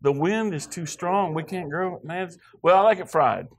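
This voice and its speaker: A man's voice: high voice, normal speed. A guest preacher from Wyoming, a man rambling with joking asides in a church sermon before reading scripture.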